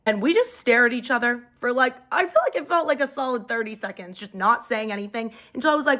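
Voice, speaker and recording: Young woman, casual storyteller, phone mic, lively delivery with pitch jumps. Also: quick pace, hardly any pauses.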